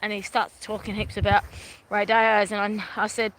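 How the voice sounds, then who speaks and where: Bright-voiced Australian woman, chatty. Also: mid-range voice, little pitch movement, moderate pace. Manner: rambling, chatty, laughs often. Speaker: vlogger. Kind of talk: casual live-stream chat. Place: outdoors walking by a river.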